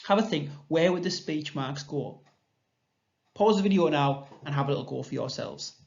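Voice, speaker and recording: A man with an English accent leads a recorded grammar lesson for young pupils. His voice sits slightly high, and he explains each step patiently and clearly. The recording sounds dull and lo-fi. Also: normal speed, a little mellow. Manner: clear, patient explanation, reading examples aloud with lifted voice. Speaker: primary school teacher.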